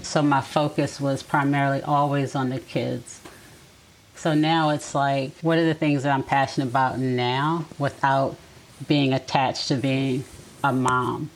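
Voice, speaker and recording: A woman in her forties, an empty nester, talking in a reflective, gentle way and offering advice in a casual conversation. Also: a bass voice, fairly even intonation, measured pace, poor audio. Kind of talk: casual chat.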